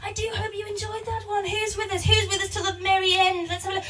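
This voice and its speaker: A woman's voice: very high voice, little pitch movement, quick pace, fairly bright tone, distant mic, soft background music. A woman in her thirties, a singer hosting her own live stream, chatting casually and greeting viewers by name as she reads their comments. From England. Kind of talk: casual chat to online viewers.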